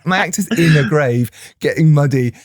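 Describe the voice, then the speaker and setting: A man, a film director co-hosting a podcast, telling stories in animated casual chat and laughing often. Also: on the high side, normal speed, no echo, studio quality. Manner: animated storyteller, laughs often, restarts phrases.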